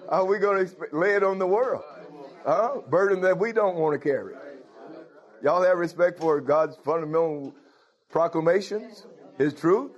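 A man's voice: high voice, unhurried, lo-fi sound. A man preaching a sermon, breaking in with "Hallelujah" and "Thank you, Lord" and putting questions straight to his congregation. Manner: calls out to the congregation directly.

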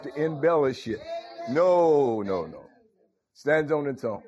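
A man's voice: a little high, expressive, unhurried, darkish tone. An older man, preaching a folksy sermon full of call-and-response asides. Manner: call-and-response, frequent "huh?" and "thank you, Lord". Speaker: pastor. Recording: dull lo-fi recording.

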